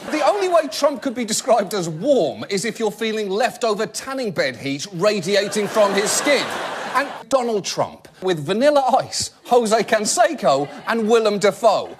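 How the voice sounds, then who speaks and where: A man delivering a satirical late-night monologue, animated and mock-outraged, breaking into shouts. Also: sits high, normal speed. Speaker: host. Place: TV studio stage with audience. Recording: live studio audience laughing, some noise.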